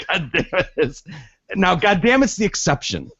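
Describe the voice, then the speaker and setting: Chatty male podcast host, slightly high and expressive, profane storyteller; dull, dry recording. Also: a little slow, a little hiss or hum. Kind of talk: casual chat.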